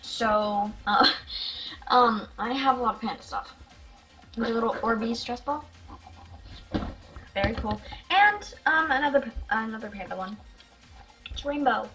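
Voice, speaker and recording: Bubbly high-voiced female vlogger. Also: a little slow, pauses often, soft background music. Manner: excitable and chatty, with giggles and gasps. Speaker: vlogger showing her toy collection. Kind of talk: casual show-and-tell vlog.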